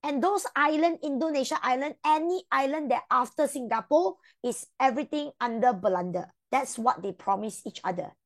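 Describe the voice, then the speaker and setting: High-pitched Malaysian woman tutoring. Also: moderate pace, hardly any pauses, dry recording. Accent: Malaysian English. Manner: repeats words, many fillers and particles. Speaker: history tutor. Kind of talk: exam revision lecture.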